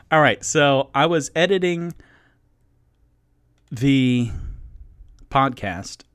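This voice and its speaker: Young man, light Southern accent, animated rambling podcast host, dead-dry recording. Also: mid-range voice, extremely slow, smooth, no echo. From North Carolina, US. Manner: rambling, self-interrupting, jokey. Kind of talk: casual tipsy chat to an audience.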